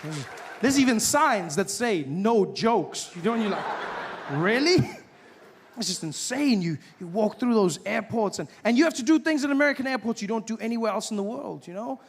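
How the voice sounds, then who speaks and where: Animated high-voiced stand-up comedian. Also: male voice, brisk. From South Africa. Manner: animated, acts out shouting officials in high voices. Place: stage before a live audience. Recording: live show with audience noise.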